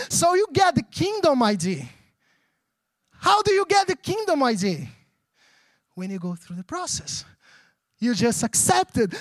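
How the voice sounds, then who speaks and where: A man who speaks English as a second language, preaching a sermon as pastor in a lively, conversational way, often checking in with the congregation. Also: extremely high pitch, measured pace, long pauses, no echo, clean studio sound. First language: not English. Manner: animated, conversational preaching with frequent audience check-ins.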